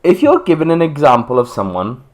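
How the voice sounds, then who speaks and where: With a fairly high and very animated voice, this British podcast co-host rambles through a casual chat. He is chatty and keeps dropping quick asides.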